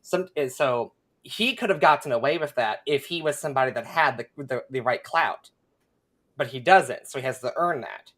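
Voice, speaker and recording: A young man talking as a guest on a live chat, animated and sarcastic, with frequent profanity and laughter. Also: mid-range voice, moderate pace.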